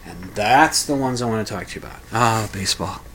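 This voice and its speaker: A man's voice: fairly low pitch, fairly quick, fairly bright tone, slight background noise. A man talking casually at home, telling a story in a rambling, hesitant way with many restarts. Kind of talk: casual spoken commentary.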